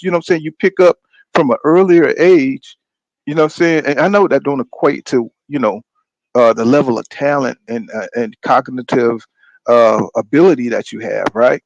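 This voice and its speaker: His mid-range voice is creaky and moves at a normal speed with no echo as he hosts a boxing podcast. The sound is dull, dry, and lo-fi. Casual and rambling, he grows heated, curses frequently, and repeats "you know what I'm saying" again and again.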